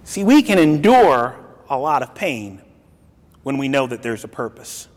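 A man preaching a sermon in a dramatic way, swinging between soft and loud and acting out the quotes he reads. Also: mid-range voice, big pitch swings, measured pace. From grew up in a city. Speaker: pastor. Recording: long reverb of a large hall.

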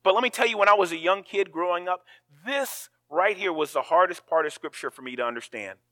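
A man preaches with a bright, forceful voice pitched a little high. His delivery is dramatic, dropping to a hush and then rising to a cry, with words often repeated. The recording is dry and close, with no room sound. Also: brisk, few pauses, no echo. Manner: dramatic, swings from hushed to loud, repeats words. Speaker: pastor. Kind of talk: sermon.

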